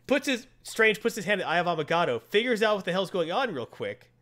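Animated man retelling a comic. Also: high-pitched, fast. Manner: animated storyteller, acts out characters' lines. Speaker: comic book podcast host. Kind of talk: casual chat, retelling a comic with put-on voices.

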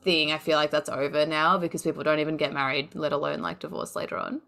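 This is a woman of about thirty, talking casually on a podcast with friends. Her voice sits on the lower side, and she rambles through her points with plenty of fillers, often breaking into laughter. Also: little pitch movement, fast, creaky, fairly bright tone. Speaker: podcast co-host. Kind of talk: casual chat.

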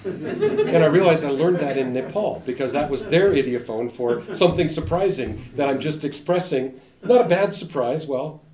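A man giving a linguistics talk, animated and joking, often imitating sounds and voices. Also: fairly high pitch, normal speed. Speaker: linguistics lecturer. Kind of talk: academic talk. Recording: echoey room.

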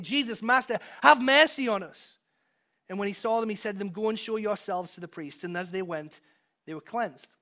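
A man's voice: high-pitched, pushed and bright. A man preaching a sermon, reading scripture and telling a personal story in a conversational way that rises to emphatic moments. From from outside the US. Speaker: pastor.

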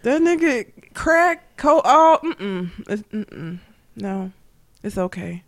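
Co-host, casual chat, blunt and profane, laughs a lot, very lively pitch. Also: slow.

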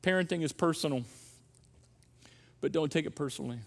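A middle-aged male pastor preaching with emphasis, repeating key phrases again and again to drive his point home. His voice sits notably high for a man. A long reverb trails behind him from a large church auditorium. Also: fairly quick. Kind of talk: sermon on parenting.

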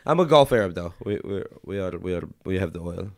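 A man on a casual comedy podcast, cracking crude rapid-fire jokes and laughing often. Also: low voice, expressive. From United States.

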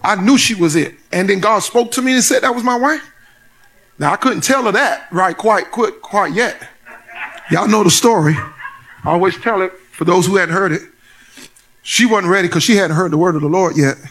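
High-voiced preacher man, bright and lively. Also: normal speed. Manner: playful storytelling, builds to shouted preaching. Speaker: pastor. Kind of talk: sermon.

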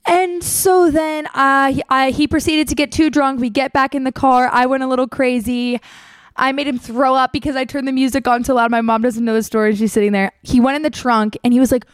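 A young woman tells a casual story in a chatty rush of fillers. She acts out other people's lines as she goes. Her voice sits a little high, recorded close and dry. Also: little pitch movement, brisk, no echo. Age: young adult. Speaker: vlogger telling a story.

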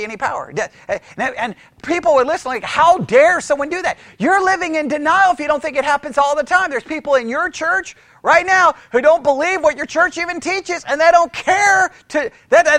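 A pastor teaching church history as a sermon-style lecture, animated, asking the room questions and often restarting his words. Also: extremely high pitch, brisk, few pauses, no room sound, clean studio sound. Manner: animated, asks the room questions, mimics critics.

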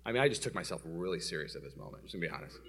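A young male pastor telling a story in a sermon, swinging from loud outbursts to hushed asides before a congregation. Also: low voice, big pitch swings, rapid-fire. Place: church sanctuary before a live audience.

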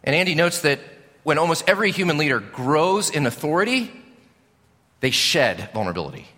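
A male preacher giving a sermon, telling the story with animated storytelling that swells and drops. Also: on the high side, a little fast. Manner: animated storytelling, rising and falling. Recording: long reverb of a large hall.

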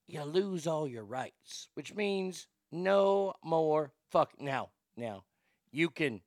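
A man's voice: fairly high pitch, creaky, fairly bright tone, dry recording, studio quality. A male radio host giving blunt, vulgar, mocking comedic commentary.

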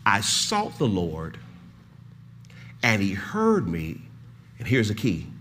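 An older man preaching a sermon as pastor, swinging from shouted pleading to hushed, low emphasis. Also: wildly swooping pitch, slow, slight background noise.

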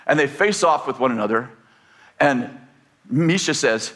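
A man's voice: mid-range voice, expressive, a little slow, long pauses, fairly bright tone. An older man giving a sermon, rambling through a family story with many fillers and restarts, then building into emphatic declarations. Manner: rising, emphatic preaching in declarations. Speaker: preacher.

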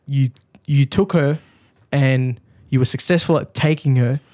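A man's voice: mid-range voice, unhurried, darkish tone, dry recording. A man hosting a casual podcast, rambling and joking with plenty of swearing. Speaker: podcast host.

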